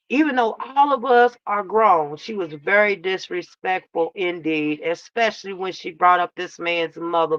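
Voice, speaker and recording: A woman's voice: mid-range voice, dry recording. A woman streamer in casual live commentary, greeting her chat by name and telling the story with emphatic asides. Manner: chatty, greets chat viewers, repeats "you know what I'm saying". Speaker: streamer commenting on online drama. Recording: dry, dull lo-fi sound.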